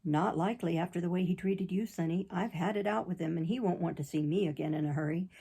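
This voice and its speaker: A woman reading an audiobook, voicing a plain-spoken middle-aged father and former circus rider, with a gravelly, husky voice. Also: fairly low pitch, fast, warm tone. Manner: plain folksy country speech.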